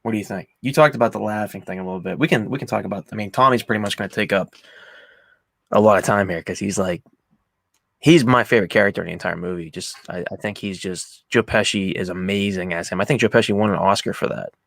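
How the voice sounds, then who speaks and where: A man retelling a film scene by scene in a casual chat, jumping into high, excited voices for the quotes. He talks quickly and swears freely. The sound is dry and close, with no room around it. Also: gravelly, no echo. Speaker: podcast host.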